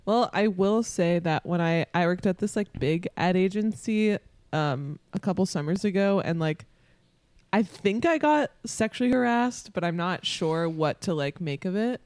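A woman's voice: fairly low pitch, normal speed, darkish tone, dry recording. A woman in her twenties telling a story in casual chat, rambling with many fillers.

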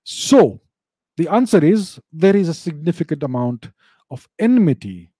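A man answering viewer questions in an unscripted explanatory talk, measured, often repeating and restarting phrases. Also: a little high, big pitch swings, dark tone, breathy edge, no room sound.

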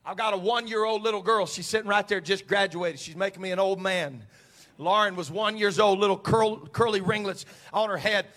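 A male pastor preaches to his church. His voice sits high and rings bright. He drops to near-quiet storytelling, then climbs to shouted, fervent climaxes. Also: steady tone, a little fast. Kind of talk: sermon. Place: church sanctuary.

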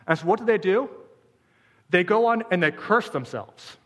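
A man delivers a sermon to his congregation, his voice pitched a touch high. He leans on rhetorical questions and repeated phrases to drive each point home. The sound rings with a long reverb, as in a church hall. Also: expressive, moderate pace. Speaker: pastor.

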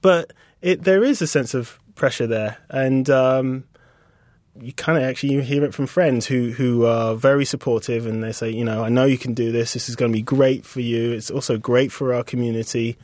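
A British man in his thirties, a designer being interviewed, speaking reflectively and haltingly with many restarts. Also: medium pitch, fairly even intonation, darkish tone, dry recording, studio quality. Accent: British English. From England. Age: 30s. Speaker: guest designer. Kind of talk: casual interview conversation.

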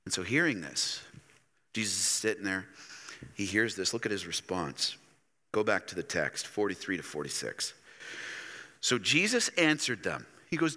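A man's voice: mid-range voice, very animated, a little slow, pushed and bright. A man preaching a sermon to his church, dramatic and addressing the congregation directly. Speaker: pastor. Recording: echoey church hall.

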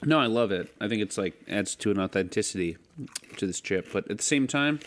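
Laid-back man with a lowish voice. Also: lively intonation, a little fast. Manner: dry, laid-back banter. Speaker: podcast co-host. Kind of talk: casual chat.

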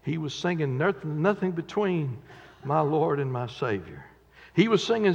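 A male preacher delivers a dramatic sermon, his lively voice swinging from booming to hushed. His tone is somewhat husky, and his voice is higher than most men's. The dull, lo-fi recording carries the long reverb of a church sanctuary. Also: normal speed. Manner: dramatic, acts out quotes, swings from loud to quiet.

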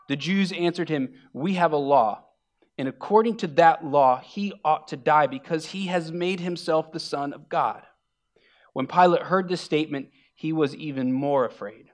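A man's voice: a little high, normal speed. A male pastor reading scripture aloud and then explaining it in a conversational sermon with casual fillers.

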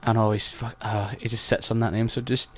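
A man's voice: on the low side, flat delivery, brisk. A man, joking around as a guest in a casual podcast chat. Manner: joking, laughs often.

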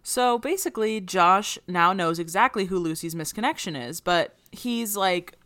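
A woman's voice: mid-range voice, moderate pace, a bit bright. Rambling young woman podcaster. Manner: rambling, filler-heavy retelling. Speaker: podcast co-host. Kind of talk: casual chat recapping a movie.

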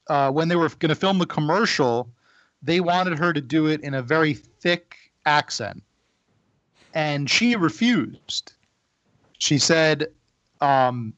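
Casting: man, co-host, casual chat, halting delivery, muffled dry sound. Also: fairly high pitch, a bit bright, dry recording. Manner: halting, stumbles over words. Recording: dull, dry recording.

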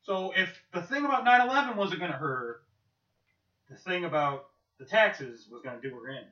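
A brash New man cracking crude jokes on a podcast, his voice high, bright and swooping all over. It sounds roomy and a bit dull, like a lo-fi home recording. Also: expressive, fairly quick. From New York. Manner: loud, profane, joking. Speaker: podcast co-host. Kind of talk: casual podcast banter.

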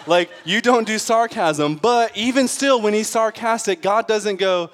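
Man, pastor, lively sermon, fairly high voice, long reverb. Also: measured pace, few pauses. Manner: animated, laughs often, asks the crowd "right?". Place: church sanctuary.

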